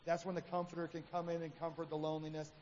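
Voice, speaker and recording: A man's voice: fairly high pitch, completely flat delivery, rapid-fire, darkish tone. A man preaching a sermon in a conversational way, acting out the quotes in his stories. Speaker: pastor. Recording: hall reverb, dull lo-fi sound, faint noise.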